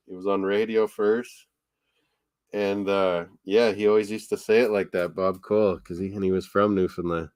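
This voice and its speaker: A man's voice: fairly low pitch, no echo. A man hosting a live sports watchalong, chatting in a rambling, casual way and laughing often. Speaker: watchalong host. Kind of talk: casual live-stream chat.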